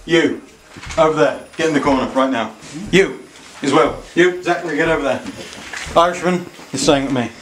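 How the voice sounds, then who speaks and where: A man's voice: on the high side, a bit bright, a little hiss or hum, lightly acted. A young man playing a proud, touchy Englishman hosting a dinner, in an amateur comedy parody, talking pompously with many hesitations. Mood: angry. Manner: pompous, hesitant, quick to anger. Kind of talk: amateur parody reality-show acting. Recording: roomy room with background music.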